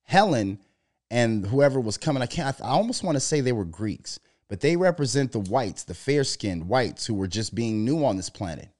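Profane, animated man telling stories. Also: mid-range voice, moderate pace. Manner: profane, animated storytelling with mocking voices. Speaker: podcast co-host. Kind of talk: casual monologue.

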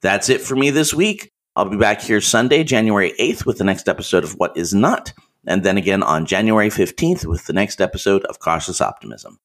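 A man's voice: on the low side, expressive, a little fast, a bit bright. Upbeat man signing off a podcast. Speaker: podcast host. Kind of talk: show outro announcement.

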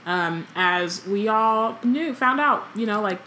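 A woman's voice: medium pitch, expressive, slow, sharp tone, slight background noise. Chatty woman reading aloud with asides. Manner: chatty, reads then breaks off into joking commentary with many ums. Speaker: podcast co-host reading aloud. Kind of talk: casual book-club podcast, reading with asides.

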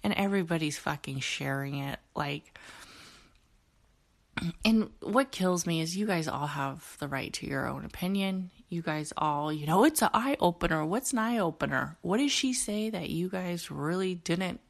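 A woman hosts a casual solo podcast from home, her voice low and full of fry. She rants in an exasperated, profane way, with many fillers and restarts. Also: animated, measured pace. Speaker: podcast host; nurse.

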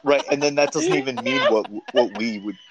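A man's voice: mid-range voice, brisk, lo-fi sound, crowd noise. A man co-hosting a casual podcast chat, wry and teasing. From northeastern US. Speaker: podcast co-host.

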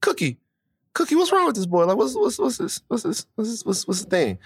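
A booming, hot-tempered cowboy father, put on by a man in a spoken anecdote. The voice jumps far above the teller's own and hollers loudly, and the recording stays dry and close. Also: huge pitch swings, brisk, husky, dry recording, heavily acted. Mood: puzzled. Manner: loud, hollering, drawling. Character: boisterous cowboy father, quick-tempered, protective.

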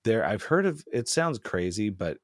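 Deep-voiced man chatting, rambling and jokey. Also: sing-song, moderate pace, dry recording, clean studio sound. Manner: rambling, jokey, sarcastic storytelling. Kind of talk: casual chat.

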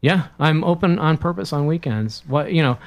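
A man's voice: a little high, normal speed. An older man from Massachusetts, a radio guest who runs a cannabis business and teaches, talking in a blunt, plain-spoken, explanatory way. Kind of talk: casual radio chat.

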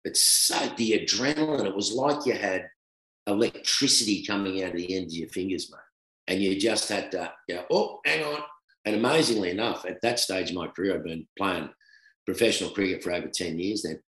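Australian man, middle-aged, lively storyteller, low voice, roomy echo. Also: fairly quick. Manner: animated anecdote telling with laughter, swings between loud and hushed. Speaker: guest, former professional cricketer. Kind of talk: casual storytelling chat.

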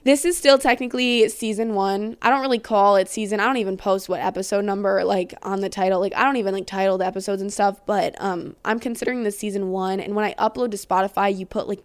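A woman's voice: mid-range voice, fairly even intonation, quick pace, few pauses, smooth, no echo. A young woman hosting her own podcast, rambling and chatty, swearing freely, a bit out of breath and tired. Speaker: podcast host. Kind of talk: casual solo podcast chat.

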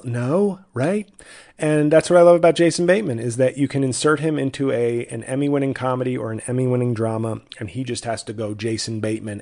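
A man's voice: mid-range voice, a little mellow. Rambling comedic man podcasting. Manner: rambling, self-interrupting. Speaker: podcast host. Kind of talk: casual comedic monologue.

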